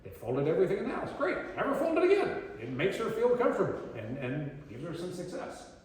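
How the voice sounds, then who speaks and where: Male presenter, lively storyteller who acts out voices, slightly high-pitched, roomy distant sound. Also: fast. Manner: animated, acting out quoted voices. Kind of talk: community talk on dementia care. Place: community meeting room. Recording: echoey hall from far off.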